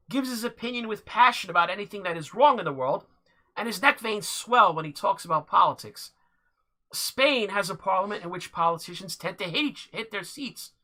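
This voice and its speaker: A host delivers political commentary on a livestream, working through a written piece at a steady, measured pace. The voice has a bright, forward timbre that sits at a middle pitch. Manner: halting, with many fillers and restarts. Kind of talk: livestream political commentary, reading an article aloud.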